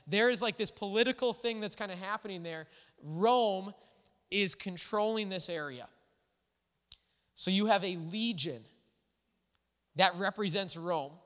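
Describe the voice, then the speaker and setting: A man preaching a sermon in a casual, animated way, full of asides to his listeners. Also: high voice. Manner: conversational, animated, full of "like" and "all right". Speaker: pastor. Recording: echoey hall.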